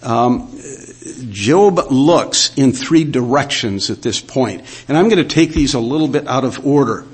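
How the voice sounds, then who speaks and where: Husky-voiced man preaching a sermon. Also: medium pitch, expressive, moderate pace, hardly any pauses. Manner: earnest preaching with frequent "uh" and "um", reading scripture aloud. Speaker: pastor.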